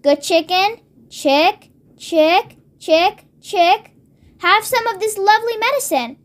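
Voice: very high-pitched, animated, moderate pace, a bit bright. A child reading a storybook aloud, voicing an inventive young boy who talks in a thoughtful, coaxing way.

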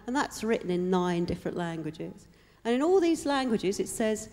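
Female stand-up, chatty and dry, lively pitch, live hall reverb. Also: brisk. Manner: chatty, offhand storytelling with dry punchlines. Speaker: stand-up comedian.

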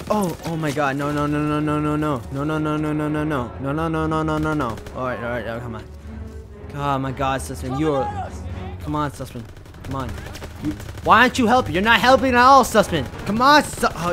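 A man giving excitable let's play commentary, yelling and repeating words in bursts, a bit hoarse from shouting. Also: on the high side. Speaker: gaming video creator. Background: game music and gunfire.

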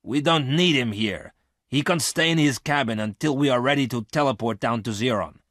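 A man's voice: mid-range voice, lively intonation, normal speed, fairly bright tone, no room sound, pitched above the performer's own voice. Man playing a hard, impatient gunman in a storybook, blunt and scornful, dry close sound.

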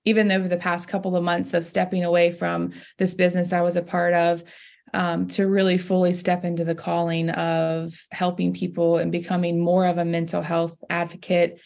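Woman guest, pastor, low pitch, gravelly fry, earnest heartfelt story. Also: monotone, normal speed, a little mellow. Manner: heartfelt, earnest, laughs through tears. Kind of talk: emotional personal story.

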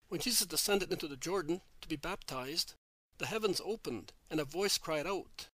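A man reading a story aloud as the narrator, in a steady, measured way. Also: fairly high pitch, no room sound, low-quality recording. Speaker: audiobook reader. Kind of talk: scripted narration.

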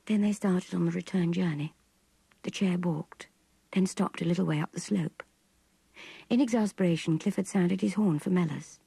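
An older woman narrating a classic novel in an intimate, breathy half-whisper. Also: fairly low pitch, moderate pace, warm tone, no echo. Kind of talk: audiobook reading of a classic novel.

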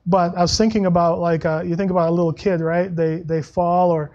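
A male pastor preaching a sermon in a conversational way, with frequent restarts and soft laughs, and dropping his voice when he quotes scripture. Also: little pitch movement, a little fast, lo-fi sound. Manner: acts out Bible quotes in a lower voice.

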